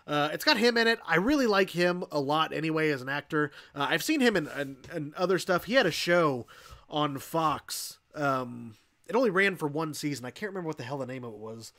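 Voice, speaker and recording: A man's voice: fairly high pitch, expressive, fairly quick, pushed and bright. A young man hosting a casual horror-movie livestream, rambling and swearing, laughing often. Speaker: podcast host.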